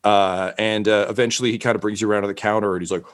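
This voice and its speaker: A man's voice: on the low side, fairly even intonation, very fast. A man narrating as the game master of a tabletop game, rambling with many fillers.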